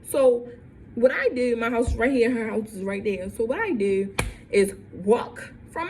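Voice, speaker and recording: Young woman, storytime vlog, lively, repeats herself, fairly high voice. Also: measured pace, a little hiss or hum. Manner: animated, repeats lines, acts out quotes. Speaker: vlogger.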